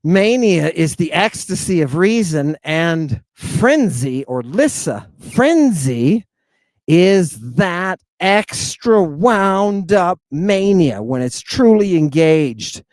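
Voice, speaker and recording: A livestream lecturer with a swooping, animated voice that leans hard on each point and keeps asking the audience to follow along. The delivery is unhurried and deliberate, with blunt, provocative asides. It sounds close and dry, with no room around it. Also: medium pitch, no echo. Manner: emphatic, with frequent rhetorical "right?" checks. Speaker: lecturer and host. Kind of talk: livestreamed lecture on ancient Greek.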